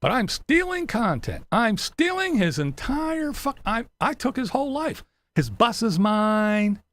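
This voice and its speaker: A man's voice: extremely high pitch, sing-song, measured pace, fairly bright tone, no room sound. A man hosting a livestream commentary show, ranting in a sarcastic, mocking way, swearing freely and laughing often. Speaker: commentary channel host. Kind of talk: profane livestream rant.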